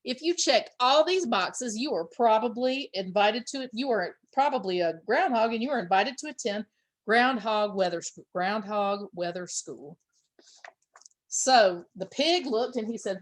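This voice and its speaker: Teacher reading a picture book aloud. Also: female voice, fairly high pitch, lively intonation, unhurried. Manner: gentle explaining, asks the children questions. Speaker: pre-K teacher.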